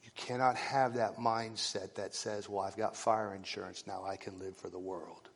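A man preaching a sermon to his congregation, swinging from loud rising calls to hushed, whispered lines. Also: lowish voice, steady tone, measured pace, creaky. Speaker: pastor. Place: church sanctuary. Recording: long reverb of a church hall.

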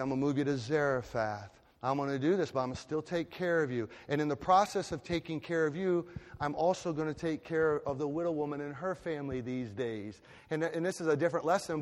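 A man preaching a sermon as pastor, building into loud, impassioned, repeated declarations. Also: a little high. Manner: impassioned preaching that swells to loud emphatic repetition. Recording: long reverb of a large hall.

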